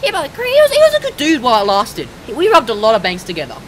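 A woman gamer giving casual let's-play commentary, chattering to game characters and breaking into excited shouts. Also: fairly high pitch, rapid-fire, slight background noise.

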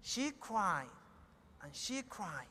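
Telling a family story during a sermon, a middle-aged man with a Somali accent acts out each line of dialogue. He speaks very slowly in a high-sitting, sharp voice that is very animated, and the recording echoes around the hall.

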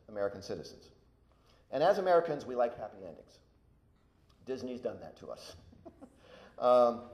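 A male university lecturer addresses an audience. He reads verse aloud with emphasis and breaks off for asides. His voice sits at a middle pitch and rings with the echo of a large room. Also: darkish tone. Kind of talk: public farewell lecture with a verse reading. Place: lecture hall. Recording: echoey hall.

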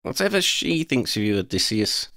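A woman's voice: rumbling low, very animated, normal speed, a bit bright, no echo, studio quality, voice pushed up, full character voice. A man voicing a confident, playful young witch who leads her friends with wry teasing.

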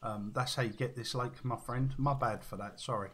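Guy on a game stream, bright forceful voice, chatty, greets chat. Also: mid-range voice, steady tone, normal speed. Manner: chatty, reads viewer messages aloud, friendly greetings. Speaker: live-stream gamer. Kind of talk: casual live-stream chat.

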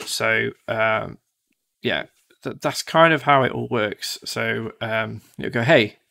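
A man's voice: on the low side, fairly even intonation, slow, gravelly, bright, forceful tone. A man from the UK teaching one-to-one in a casual, chatty way, often acting out devices in silly voices. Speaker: tutor.

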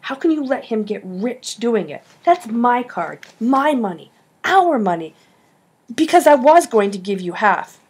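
A woman's voice: on the high side, sing-song, measured pace, slightly rough, pitched above the performer's own voice, heavily acted. A woman voicing an eager, scheming schoolboy who pleads and insists. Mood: indignant.

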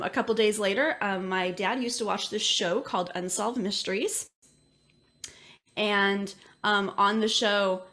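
A woman's voice: mid-range voice, a bit bright. A woman who is an intuitive medium, telling a personal story casually with many filler words. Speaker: intuitive medium, interview guest.

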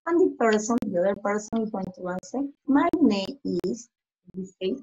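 A woman teaching English to primary school children, going slowly through slides and repeating phrases for young learners. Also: medium pitch, lively intonation, dark tone. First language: Spanish. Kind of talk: slide-by-slide lesson explanation. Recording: dull lo-fi recording.

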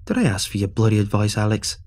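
A man's voice: on the low side, sing-song, quick pace, a little mellow. A man voicing a chirpy, mocking young man trapped inside a beer can, who taunts and bosses the listener with sarcasm. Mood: bossy. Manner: taunting and bossy, snapping sarcastically.

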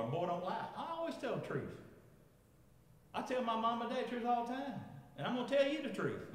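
Pastor in his 50s, kinda high voice, chuckly storytelling, big reverb-y sanctuary. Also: very animated, brisk. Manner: storytelling, chuckling, asking the congregation. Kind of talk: sermon. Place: large echoey church sanctuary. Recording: echoey church hall with long reverb.

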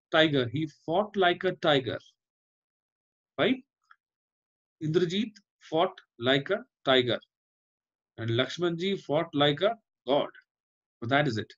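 A man's voice: a little high, dull audio. A male teacher with an Indian English accent, giving an online class and explaining by repeating himself and asking "Fine?". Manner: explains by repetition, often asks "Fine?".

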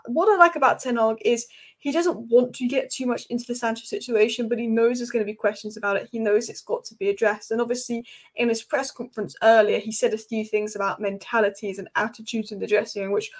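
Emphatic woman, higher voice. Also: fairly even intonation, quick pace. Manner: emphatic, repeats her points. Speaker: football channel host. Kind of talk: casual vlog commentary.

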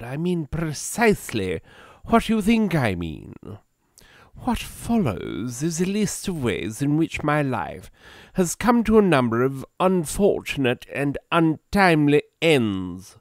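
A pompous upper-class English gentleman, put on by a man, narrates his own grisly demises in a grand, mock-solemn posh accent. His pitch leaps about with theatrical flourish while the delivery stays slow and stately. The sound is close and dry. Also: no echo, exaggerated voice.

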